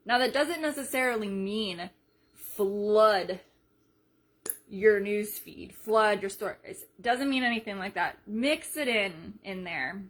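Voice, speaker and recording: A woman leading a sales team in a casual live video, chatty and energetic, retelling conversations as she goes. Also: mid-range voice, slow. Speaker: team leader.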